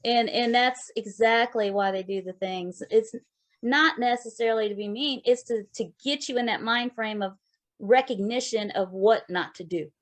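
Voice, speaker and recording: A woman's voice: a little high, normal speed. A woman interviewing a veteran, reflecting in an affirming, conversational way. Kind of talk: casual interview.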